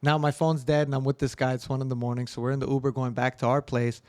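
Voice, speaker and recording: A man's voice: medium pitch, level tone, fast talker, darkish tone, no room sound. A young man casually telling a long, rambling story as a podcast host. He swears often and acts out the lines he quotes.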